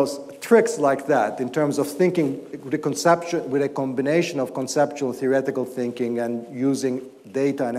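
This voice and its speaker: A man, an economics professor, giving an explanatory academic talk and answering questions, often pausing and restarting his sentences. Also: medium pitch, warm tone, in a large hall. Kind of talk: academic lecture and Q&A. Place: lecture hall.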